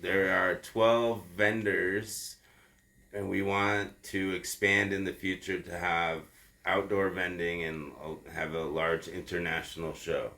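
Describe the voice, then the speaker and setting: A man guest describing the event he helps run, in a deep voice. He speaks in a measured, plain-spoken way. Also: little pitch movement, sharp tone. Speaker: guest, show organizer. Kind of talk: casual interview chat.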